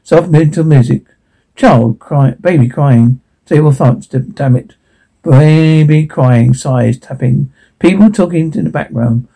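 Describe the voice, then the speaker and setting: A man reading sound cues and lines aloud, one after another, in a gravelly, dark voice. His delivery is plain and even, with a slightly husky edge. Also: fairly high pitch, measured pace, low-quality recording. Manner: plain, listing. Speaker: narrator.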